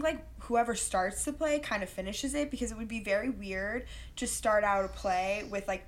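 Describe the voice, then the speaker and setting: A young woman co-hosting a casual podcast, chatting animatedly about a movie and peppering her talk with "like.". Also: medium pitch. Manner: chatty, animated, full of "like" fillers. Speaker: podcast co-host. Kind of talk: casual chat recapping a movie.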